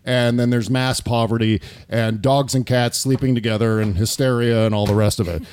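A man's voice: medium pitch, steady tone, normal speed, darkish tone, clear, resonant tone, dry recording, clean studio sound. Hesitant man in casual political chat. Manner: hesitant, restarts, joking asides.

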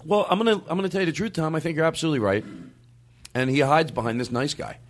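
A man's voice: on the high side, quick pace. A man hosting a comedy podcast in casual chat, rambling and self-aware, often slipping into mock voices. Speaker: podcast host.

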